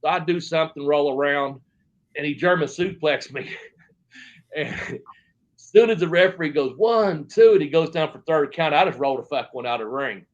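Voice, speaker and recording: A man's voice: fairly high pitch, a little fast, muffled recording. A middle-aged man telling wrestling stories in a rambling, profane way, with many restarts and quoted back-and-forth dialogue. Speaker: interview guest. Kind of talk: casual storytelling.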